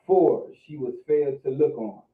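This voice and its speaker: A man's voice: mid-range voice, unhurried, phone-quality sound. Man, class member reading scripture plainly, mid voice; distant, echoey, phone-thin audio.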